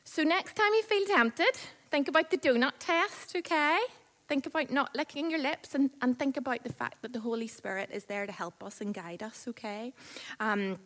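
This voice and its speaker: A woman's voice: sits high, moderate pace, a bit bright. A young woman leading a children's church talk. She is playful and teasing and laughs often. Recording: echoey hall with long reverb.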